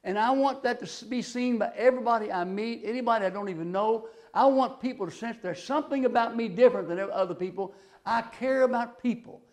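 Older man, high-pitched, folksy storytelling preacher. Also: a little fast, darkish tone. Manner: folksy, rambling storyteller with restarts. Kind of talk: folksy sermon with stories.

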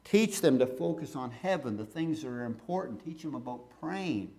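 A middle-aged man preaching a sermon, reading scripture aloud and then talking it through in a lively, conversational way. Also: mid-range voice, normal speed.

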